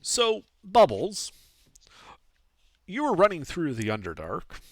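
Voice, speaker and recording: A man's voice: on the high side, slow pace, no room sound, clean studio sound. A man narrating a tabletop game as game master, rambling and full of fillers. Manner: animated, rambling with many fillers.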